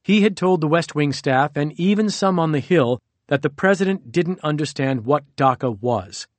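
A man narrating a nonfiction audiobook in a measured, steady reading. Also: on the high side, no echo.

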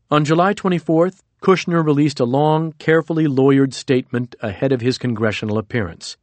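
A man giving a measured, scripted audiobook narration into a close studio mic. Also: medium pitch, steady tone, a little mellow, no echo.

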